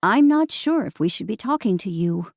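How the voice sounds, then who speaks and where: A woman's voice: mid-range voice, animated, creaky, no echo, clean studio sound. A woman voicing a cautious, firm middle-aged wife. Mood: measured. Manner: measured, firm.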